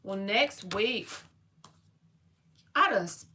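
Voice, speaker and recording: A woman's voice: medium pitch, expressive, drawn-out words, very noisy. A woman giving a live-stream tarot reading, talking casually and straight to her viewers in slangy everyday speech. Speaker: tarot reader.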